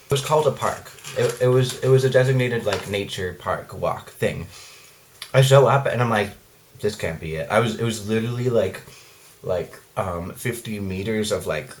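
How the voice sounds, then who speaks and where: A young man chatting casually while eating on camera, rambling and self-mocking, full of fillers and acted-out quotes. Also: lowish voice. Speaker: vlogger. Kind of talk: casual mukbang chat. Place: his room at night.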